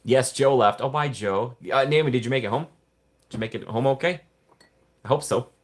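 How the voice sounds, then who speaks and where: A man's voice: medium pitch, fairly quick. A man hosting a casual livestream, rambling and joking while he reads viewer chat. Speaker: livestream host.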